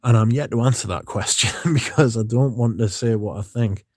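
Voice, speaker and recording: A man's voice: mid-range voice, normal speed, dry recording, studio quality. Laid-back man chatting on a livestream. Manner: relaxed, rambling, chatty with fillers. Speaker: fragrance livestream host. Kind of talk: casual livestream chat, reading comments.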